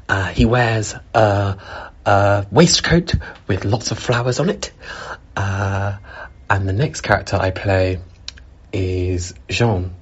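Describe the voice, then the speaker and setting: A man, a stage actor introducing his characters' costumes, unhurried and full of fillers. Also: on the low side, breathy edge. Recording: dull lo-fi sound.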